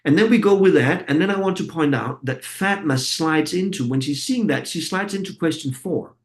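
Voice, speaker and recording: A man's voice: fairly high pitch, moderate pace. A man leading a facilitator training session, thinking aloud and often repeating words as he walks the group through a session.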